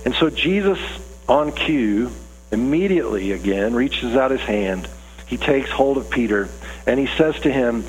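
A man's voice: medium pitch, lively intonation, unhurried, in a large hall, a little hiss or hum, low-quality recording. A man preaching a sermon in a conversational, earnest way, often asking his listeners questions. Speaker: pastor.

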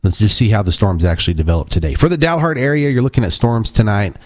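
A man's voice: fairly low pitch, animated, fast talker, no echo, studio quality. A man hosting a local call-in radio show, chatty and rambling, correcting himself as he goes. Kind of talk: casual radio talk. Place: radio studio.

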